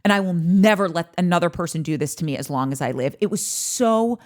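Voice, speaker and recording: A woman's voice: fairly low pitch, animated, a little fast, darkish tone. A woman hosting a podcast, chatting casually and animatedly, swearing freely and breaking into acted-out quotes. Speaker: podcast host. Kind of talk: casual commentary on a reality show.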